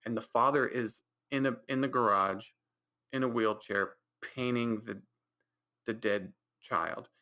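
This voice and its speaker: A man's voice: mid-range voice, unhurried, bright, forceful tone. A man hosting a podcast, rambling through a mocking recap of a movie with many restarts and put-on reactions. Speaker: podcast host.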